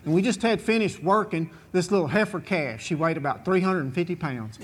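A man with a drawl tells a comic tale to a live audience. He keeps it animated and folksy, with plenty of asides. His voice sits high for a man, with a faint noise floor behind it. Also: brisk. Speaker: storyteller.

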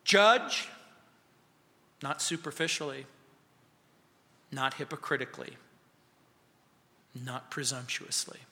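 Male pastor, deliberate emphatic sermon delivery, bright tone, church hall reverb. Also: fairly high pitch. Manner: slow, emphatic preaching with dramatic pauses. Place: church sanctuary.

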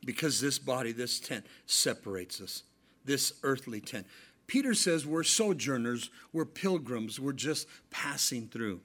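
A middle-aged male pastor preaching a sermon, telling stories and swinging between loud emphatic lines and hushed ones. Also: medium pitch, expressive, unhurried.

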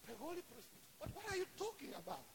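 Preacher putting on a flustered scared apostle, jumpy pitch, hiss behind. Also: male voice, huge pitch swings, exaggerated voice. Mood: flustered defensive. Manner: flustered, defensive, rushed denials. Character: frightened male apostle denying everything. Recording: hissy noisy recording.

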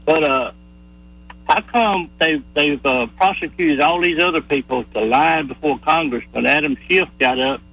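A man's voice: fairly high pitch, fairly bright tone, husky. A man calling a radio show, plain-spoken and a little hesitant. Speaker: caller. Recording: phone line with hum.

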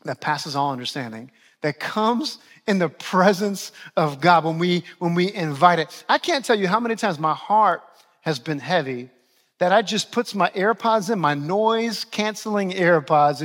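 A man's voice: sits high, lively intonation, normal speed, a bit bright. A man in his forties, a pastor preaching a sermon, repeating key phrases and asking the congregation questions.

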